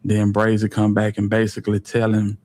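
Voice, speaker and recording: A man, on the lower side, hosts a commentary stream. He talks in a casual, disbelieving, wry tone. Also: completely flat delivery, a little fast, darkish tone. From Alabama. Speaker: commentary host.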